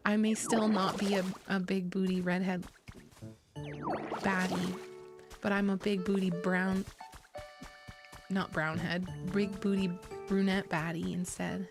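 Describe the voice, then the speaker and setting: Woman streamer, gravelly voice, giggly rambling chat over clear game music. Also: mid-range voice, little pitch movement, a little slow, long pauses. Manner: chatty, giggly, rambling with restarts. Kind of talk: casual gaming stream chat.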